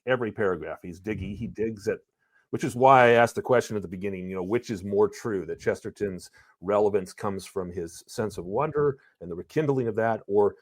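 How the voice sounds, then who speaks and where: A man's voice: fairly low pitch, dry recording. A man on a podcast, casually explaining a passage and stressing key words. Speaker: podcast co-host. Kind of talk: casual book discussion.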